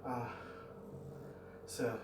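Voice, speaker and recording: Middle-aged male fitness vlogger, thinks out loud; roomy echo, faint ambience behind. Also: drawn-out words, slight background noise. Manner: rambling, thinking aloud between exercises. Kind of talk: talking through a home workout. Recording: echoey room, mic at a distance.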